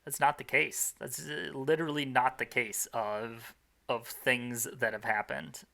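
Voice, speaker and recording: A young man talks through his own game run in loose, self-mocking commentary, restarting his sentences and filling gaps with "uh" and "like". His voice has a gravelly fry to it, with a bright, edgy tone on top. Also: medium pitch, fairly even intonation, a little slow. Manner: rambling, self-mocking, with many fillers and restarts. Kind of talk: casual gameplay commentary.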